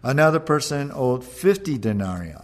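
A man's voice: medium pitch, big pitch swings, moderate pace. Guy giving a chatty sermon, keeps asking "right?", voice rings out in a big reverby hall. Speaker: pastor.

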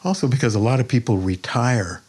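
Older man telling lively stories. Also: mid-range voice, brisk, husky. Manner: lively storyteller, plainspoken, profane. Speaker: painter guest. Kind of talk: podcast interview conversation.

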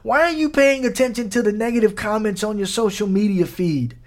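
A man's voice: high-pitched, fairly quick. A man preaching a sermon on his podcast, exhorting his listeners with repeated questions and emphatic peaks.

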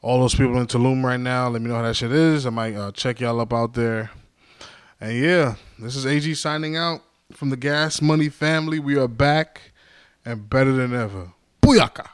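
A man's voice: mid-range voice, normal speed, clean tone, dry recording, clean studio sound. A man hosting a podcast alone, rambling in a casual, jokey and self-mocking way. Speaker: podcast host. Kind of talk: casual solo podcast monologue.

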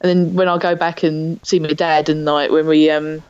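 A woman with a South London accent co-hosting a casual podcast chat, acting out the people in her stories and swearing freely. Her voice sits fairly low, and the mic sounds dull and dry, close with no room around it. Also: moderate pace, clean tone, dry recording. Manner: swears freely, animated storytelling with voiced quotes. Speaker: podcast co-host.

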